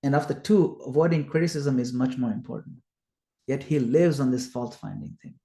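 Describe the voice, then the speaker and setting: A man's voice: mid-range voice, normal speed, warm tone, close to an everyday voice. A man doing an earnest, pleading elder monk. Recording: echoey room.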